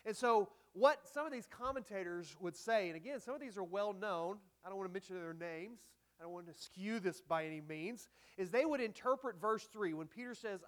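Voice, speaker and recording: A man with a notably high voice delivers a sermon from the pulpit. He talks in an easygoing, conversational way, dropping in asides. He punches up quoted lines with emphasis. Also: fairly quick, hardly any pauses. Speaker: pastor.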